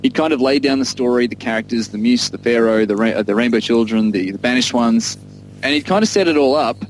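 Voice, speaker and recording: A man's voice: mid-range voice, quick pace, poor audio. A man co-hosting a casual music podcast, rambling enthusiastically and laughing often. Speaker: podcast co-host discussing an album.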